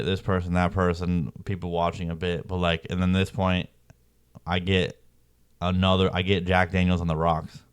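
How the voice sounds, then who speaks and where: A man's voice: low-pitched, darkish tone, clear, resonant tone, dry recording, studio quality. A young man telling a story in a rambling, slangy way, peppered with "bro" and "like". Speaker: vlogger. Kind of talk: casual storytelling.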